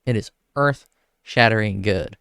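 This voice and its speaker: A man's voice: on the low side, measured pace, vocal fry, fairly bright tone, clean tone, no echo, clean studio sound. A young man ranking comedies in a casual, profane rant, blunt and crude. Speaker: video host ranking films.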